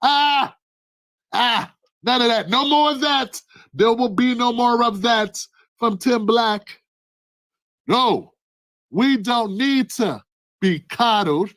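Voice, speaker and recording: A man giving impassioned political commentary, preachy and emphatic, rising to shouts. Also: very high-pitched, slow, pauses often, dry recording.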